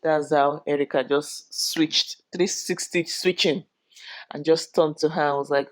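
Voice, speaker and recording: A reality show recap vlogger with a low-pitched, steady voice retells show drama in a chatty, dramatic gossip style, frequently saying "you know." She speaks a little slowly, and the recording is dry and studio quality.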